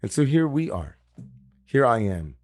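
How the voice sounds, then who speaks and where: A man's voice: mid-range voice, very animated, a little slow, darkish tone, dry recording, studio quality. A man giving a reflective sermon as a rabbi at an online service, speaking over a video call and repeating key phrases for emphasis.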